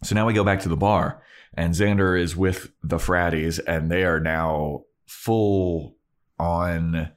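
A low-voiced man recaps an episode in relaxed podcast chat. He is animated and acts out each character's lines as he goes. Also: takes it slowly. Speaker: podcast co-host.

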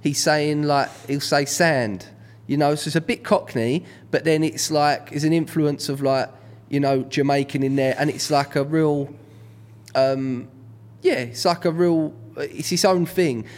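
Rambling man, slightly high voice. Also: steady tone, unhurried, darkish tone. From England. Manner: rambling, lots of fillers and restarts. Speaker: podcast host. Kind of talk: casual chat.

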